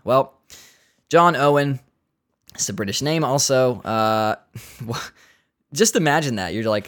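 A man hosts a casual solo podcast, rambling through stories with jokes and the odd curse word. He laughs at his own asides. His voice sits at an ordinary middle pitch. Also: expressive, slow, pauses often, a bit bright. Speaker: podcast host.

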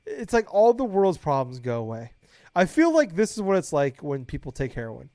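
A young man on a podcast, talking in a fairly high voice, rambling and swearing constantly as his excitement runs away with him. The sound is close and dry, with no room around it. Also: moderate pace, dry recording. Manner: excitable, profane, rambling, gets loud when hyped. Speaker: podcast host. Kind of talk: casual podcast chat.

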